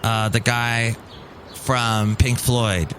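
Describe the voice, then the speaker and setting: A man's voice: mid-range voice, level tone, very slow, fairly bright tone, a little hiss or hum. A middle-aged man hosting his own podcast in a casual solo monologue, wry and grumbling, slipping into mocking voices. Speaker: podcast host.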